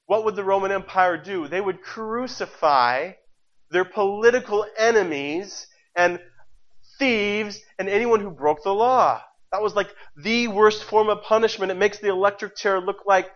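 A man's voice: high voice, fairly bright tone. Impassioned male preacher, lo-fi sound. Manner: impassioned, repetitive preaching with rhetorical questions. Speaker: pastor. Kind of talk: sermon. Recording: dull lo-fi recording.

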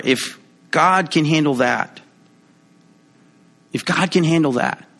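A man preaching a sermon in a conversational, playful way, acting out quoted voices with big jumps in pitch. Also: vocal fry, a bit bright, slightly rough. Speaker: pastor.

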